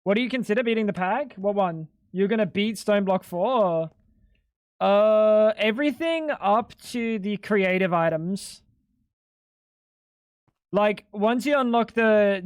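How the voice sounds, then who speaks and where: A man's voice: sits high, smooth, no room sound, studio quality. Blunt, swearing man streaming a game. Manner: blunt, exasperated explaining, swears freely. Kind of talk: casual livestream chat while gaming.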